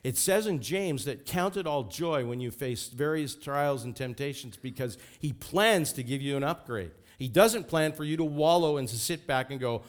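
A man's voice: medium pitch, moderate pace, hardly any pauses. A man preaching a sermon as pastor, fervent and emphatic.

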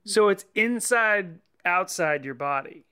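Man, podcast guest, playful, bright tone, clean smooth voice. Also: sits high, expressive, takes it slowly. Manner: playful, laughs easily. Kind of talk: casual chat.

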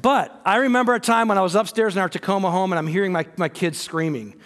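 A man's voice: high voice, fast, a bit bright. A man in his forties preaching a sermon, telling family stories in an earnest way that rises to emphatic peaks. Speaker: pastor.

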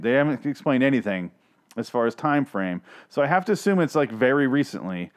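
A man's voice: medium pitch, animated, a little fast. A man recapping a TV episode in a casual, sarcastic, profane rant, often exasperated. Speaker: podcast host reviewing a TV episode.

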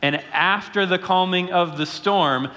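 A pastor giving a conversational sermon, often checking in with his listeners with a quick "right?". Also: sits high, sharp tone, big-room sound.

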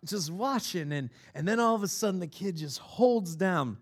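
Male pastor, high voice, conversational sermon, storytelling with playful asides. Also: lively intonation, normal speed. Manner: conversational preaching with personal stories and playful asides.

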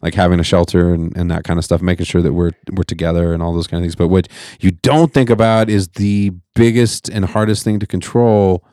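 A man's voice: deep voice, little pitch movement, fairly quick, hardly any pauses, mellow, no room sound, clean studio sound. A man hosting a casual podcast chat, rambling and swearing as he trips over his words. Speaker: podcast host. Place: home podcast studio.

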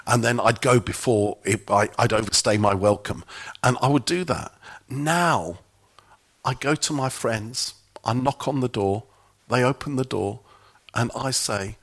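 A man's voice: on the low side, normal speed, fairly bright tone, breathy edge. Self-mocking man preaching. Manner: self-mocking, humorous storytelling. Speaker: church speaker. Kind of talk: anecdotal sermon talk.

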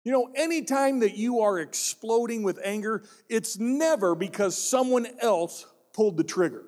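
A male pastor delivering a sermon, emphatic and direct, repeating his main points and asking the congregation rhetorical questions. His voice sits high for a man, and a long reverb trails each phrase through the church. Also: normal speed, a little mellow. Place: church sanctuary.

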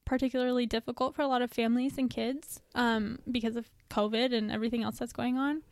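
Giggly high-voiced young woman reading letters. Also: little pitch movement, quick pace, no echo, studio quality. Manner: giggly, reads children's letters aloud with soft asides. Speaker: podcast co-host. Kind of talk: casual chat, reading letters aloud.

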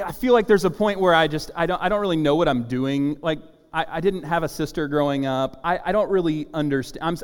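Guy pastor preaching casual and jokey, voice echoing around a big church. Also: on the high side. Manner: conversational, self-deprecating storytelling. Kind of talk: sermon. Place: church sanctuary. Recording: long reverb of a hall.

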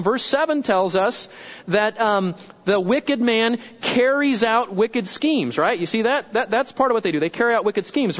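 A man's voice: extremely high pitch, highs cut off. A male pastor preaching a sermon in a conversational way, checking in with listeners and repeating words for emphasis.

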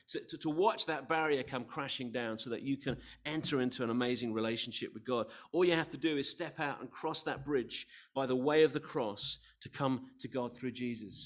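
A man preaching a Sunday sermon to his congregation, earnest and emphatic, rising to loud peaks and dropping to quiet, with small restarts. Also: medium pitch. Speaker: pastor.

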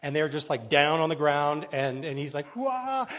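A man's voice: fairly high pitch, level tone, moderate pace, fairly bright tone. Give me an enthusiastic, rambling male preacher. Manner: enthusiastic, rambling, many repeated words. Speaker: pastor. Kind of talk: sermon.

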